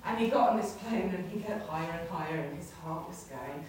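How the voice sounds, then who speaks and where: A woman's voice: lowish voice, fairly quick. A woman giving a chatty church talk to a congregation, often laughing. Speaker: preacher. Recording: echoey hall, distant mic, faint noise.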